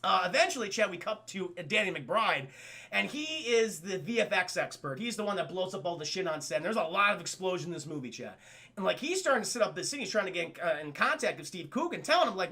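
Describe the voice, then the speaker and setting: A man reviewing a film live for his chat, excitable and profane, often calling out to the chat as he goes. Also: sits high, quick pace, vocal fry. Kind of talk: casual live-stream film breakdown.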